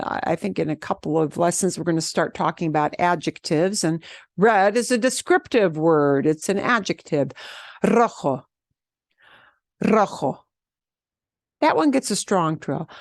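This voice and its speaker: A woman's voice: medium pitch, dry recording, clean studio sound. A woman from the teaching a beginner Spanish lesson, patiently repeating words and drilling the trilled R. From American Southwest.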